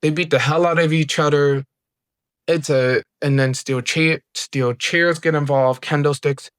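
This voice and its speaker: A man giving an excited, rambling recap of a wrestling event, filling it with "like" as he goes. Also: a little high, unhurried, clean tone. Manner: excited, rambling play-by-play with many "like"s. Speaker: wrestling reviewer. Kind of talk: casual recap.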